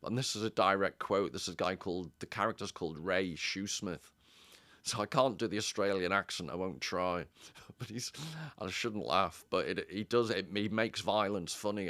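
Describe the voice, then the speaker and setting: A man's voice: low voice, fairly bright tone, no echo. A man giving a casual commentary as a video essayist, digressive and wry, often interrupting himself.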